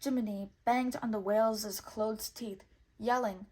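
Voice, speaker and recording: A woman reading a children's storybook aloud in clear, measured narration. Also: mid-range voice, steady tone, warm tone. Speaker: storybook reader.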